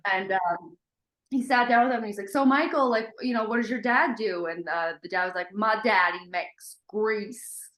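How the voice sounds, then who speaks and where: A woman guest in a casual podcast chat, telling a story with many small pauses and fillers. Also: a little high, fairly bright tone, reverberant.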